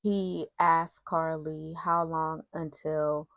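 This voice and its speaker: A woman's voice: low-pitched, flat delivery, takes it slowly, creaky, dry recording, lo-fi sound. A woman casually recapping a TV soap episode, retelling scenes with quoted lines and personal asides.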